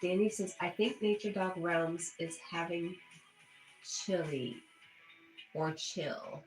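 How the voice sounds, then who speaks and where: Streamer, woman, lowish voice, reads chat aloud and answers it casually; echoey room, faint music underneath. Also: takes it slowly. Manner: reads viewer chat messages aloud and chats back. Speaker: livestream host.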